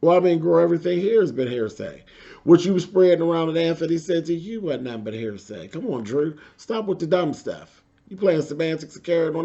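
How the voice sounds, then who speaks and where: A man's voice: on the high side, moderate pace, creaky, dark tone, highs cut off. A man hosting a casual reality TV recap, talking in a sassy, emphatic way and repeating his points for effect. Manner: sassy, emphatic, repeats points, calls viewers "child" and "honey".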